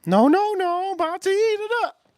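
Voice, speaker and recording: A man voicing his spiteful middle-aged aunt with a Tennessee accent, in a high squeaky falsetto. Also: sing-song, a little fast, darkish tone, dry recording, studio quality. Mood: sassy.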